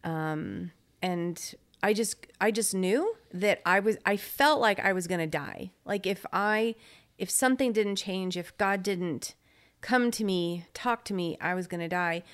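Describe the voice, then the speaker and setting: A woman's voice: medium pitch, measured pace, fairly bright tone. A middle-aged woman co-hosting a casual faith podcast, teasing and laughing easily as she chats. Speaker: podcast co-host. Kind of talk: casual chat.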